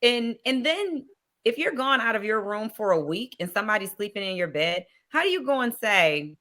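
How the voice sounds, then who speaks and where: Bright-voiced woman telling stories. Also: mid-range voice, normal speed. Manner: lively storytelling that acts out past conversations. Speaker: podcast guest, reality show contestant. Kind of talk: casual chat.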